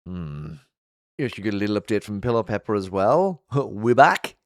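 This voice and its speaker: A man hosting a casual commentary vlog, chatty and upbeat, with lots of fillers and restarts, and his voice jumps high when he gets sincere. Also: big pitch swings, moderate pace, no room sound, clean studio sound. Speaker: YouTube show host.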